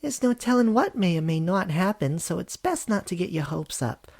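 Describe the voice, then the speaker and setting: A man's voice: sits high, very animated, moderate pace, vocal fry, a little mellow, heavily acted. A man voicing a headstrong, cynical young woman in a visual novel reading, brusque and teasing. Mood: wry.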